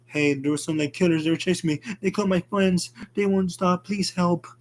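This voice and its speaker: A man's voice: on the high side, moderate pace, a little hiss or hum, lightly acted. A man voicing a young woman survivor who pleads frantically as she flees killers. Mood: frantic.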